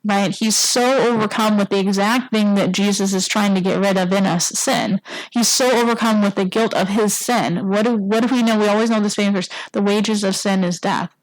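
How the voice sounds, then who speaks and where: A woman of middle pitch gives a relaxed, conversational sermon to her church. She keeps checking in with her listeners and briefly acts out the figures she quotes. The sound is dry, with little room echo. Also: normal speed. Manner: casual, asks the congregation "right?" often; acts out quoted lines in a livelier voice. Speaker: church speaker. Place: church sanctuary.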